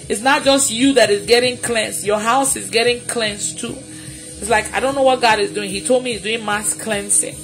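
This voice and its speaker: A woman leading prophetic prayer and deliverance, making fervent, repetitive declarations, laughing in bursts and at times shouting. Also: on the high side. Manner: intermittently shouts and prays in tongues. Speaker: prophetic minister.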